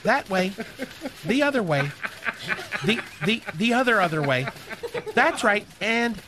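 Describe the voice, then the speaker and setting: A man's voice: high voice, very animated, unhurried, noisy background. A man playing a flamboyant, catty male receptionist in a radio comedy sketch, chattering campily into the phone. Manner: campy, gossipy, one-sided phone chatter.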